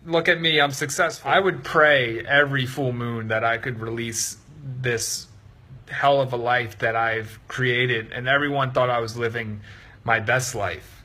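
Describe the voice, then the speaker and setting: A man's voice: medium pitch, steady tone, unhurried, bright, forceful tone. A man telling a profane, sarcastic comedic story as a monologue.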